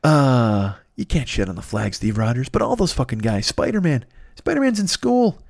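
A man's voice: medium pitch, sing-song, moderate pace, creaky, a little mellow, no echo, clean studio sound. A middle-aged man from Illinois delivering a profane, rambling comic monologue full of hypothetical scenarios.

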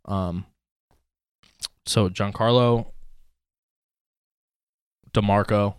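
A man with a low, smooth voice chats as a podcast guest, laid-back and swearing casually. The sound is dry and close. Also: steady tone, drawn-out words, no room sound. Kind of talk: casual chat. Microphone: headphones and studio mic.

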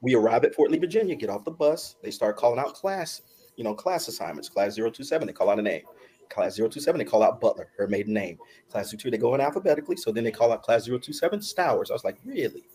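A middle-aged man spins a casual story as a podcast guest. His pitch rises and falls freely as he acts out old conversations and laughs at his own tale. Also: fast talker. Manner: laughs often, animated storyteller acting out quotes.

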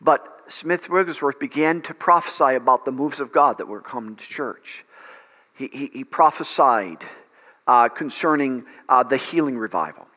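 A male pastor preaches and prays with fervent energy, stumbling now and then over his words. His voice is bright and forceful, and it carries a long reverb through a large hall. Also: medium pitch, lively intonation, normal speed. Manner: fervent preaching with frequent fillers and restarts. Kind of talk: sermon and prayer.

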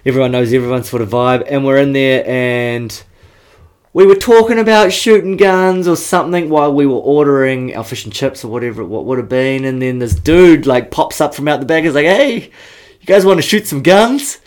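A man's voice: medium pitch, fairly quick, darkish tone, clean tone. A man in casual podcast chat, laid-back, swearing freely and laughing often as he tells stories.

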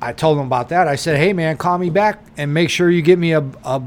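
A man's voice: fairly high pitch, quick pace. Foul-mouthed man telling a story. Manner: animated, swears constantly, acts out quotes. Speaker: podcast co-host. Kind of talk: casual profane storytelling.

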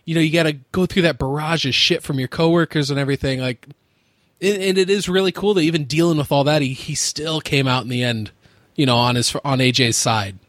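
Fanboy host dude, higher voice, always cracking up, super dry sound. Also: male voice, brisk, fairly bright tone, dry recording. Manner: jokey, laughs often, gushing fan. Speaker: podcast host. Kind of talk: casual podcast chat.

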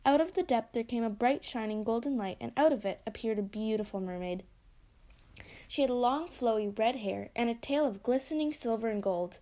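A woman reading a first-person story aloud with expressive narration. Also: fairly high pitch, moderate pace.

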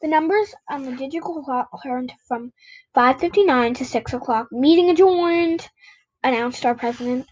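A woman with a high voice reads a children's novel aloud in a relaxed, unpolished way. She stumbles and restarts here and there, like someone reading for friends. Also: normal speed, rough recording. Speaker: audiobook reader and podcast host.

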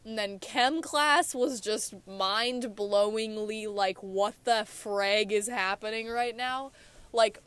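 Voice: medium pitch, takes it slowly, fairly bright tone, clear, resonant tone, dry recording. A teenager co-hosting a casual podcast, telling stories in a rambling way with many fillers and restarts. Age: teens. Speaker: podcast co-host. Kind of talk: casual chat, storytelling.

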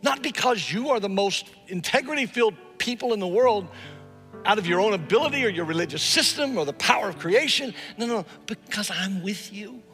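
A male pastor preaches a story-driven sermon, repeating words as he builds toward each point. His voice is high and bright. Long reverb from a large hall follows every phrase, and faint music plays underneath. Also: expressive, fairly quick. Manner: storytelling, repeating words when emphatic, acts out quotes. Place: church hall with live and online audience.

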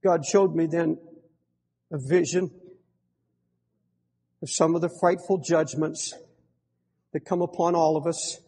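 A man preaching a fervent sermon, swinging between pleading cries and hushed, grave tones. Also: a little high, steady tone, takes it slowly, long pauses. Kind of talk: impassioned sermon. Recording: long hall reverb.

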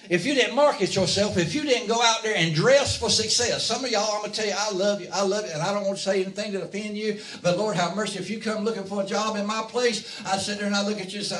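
A man's voice: high voice, a bit bright. A male preacher delivering a sermon and calling out for amens from the congregation, recorded from a distance in a church. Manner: call-and-response preaching, asks the congregation for amens. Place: church sanctuary. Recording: echoey church, voice from far off.

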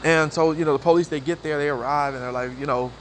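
A man telling a story in a casual, animated monologue, often repeating words as he goes. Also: on the high side, quick pace. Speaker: vlogger. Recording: faint outdoor street noise.

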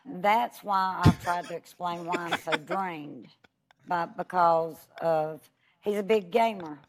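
A woman's voice: lowish voice, slow, heavy background noise. A woman in her seventies, a TV talk show guest, explaining earnestly and hesitantly. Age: 70s.

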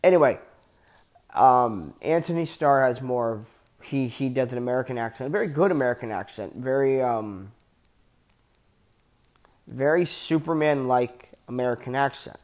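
A man's voice: mid-range voice, moderate pace, pauses often, a little mellow. A man giving a casual, enthusiastic TV show review, rambling with frequent restarts and casual swearing.

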